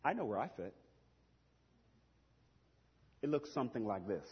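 A man preaching a sermon in a church, swinging between shouting and hushed asides and laughing at his own lines. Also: mid-range voice, sing-song, measured pace, very noisy. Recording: long hall reverb, dull lo-fi sound.

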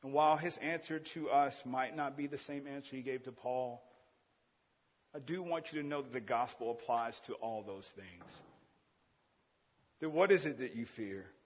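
A man's voice: medium pitch, normal speed, breathy edge. A man preaching a sermon in a church, earnest and driving his point with repeated rhetorical questions. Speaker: pastor. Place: church sanctuary. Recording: dull, echoey church hall sound.

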